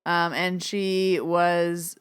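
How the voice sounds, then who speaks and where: A woman's voice: level tone, very slow, smooth. A woman hosting her own podcast as a psychic medium, telling personal stories in a chatty way, full of "like" and acted-out quotes. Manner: chatty, lots of "like", acts out quotes with big pitch jumps. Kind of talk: casual storytelling monologue.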